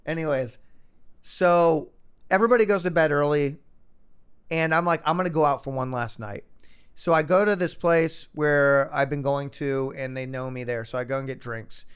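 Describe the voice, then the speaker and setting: A man in his thirties, a podcast guest, telling a long story in a casual, animated way with lots of fillers. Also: a little high, moderate pace, clear, resonant tone. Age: 30s. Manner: animated anecdote, fillers and acted-out quotes.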